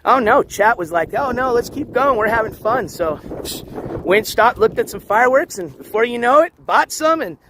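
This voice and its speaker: A man hosting a casual walking livestream outdoors, reading the chat aloud, shouting thanks for donations, and losing his voice. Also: very high-pitched, lively intonation, moderate pace. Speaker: livestream host. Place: outdoors on city streets, walking dogs. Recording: faint street noise outdoors.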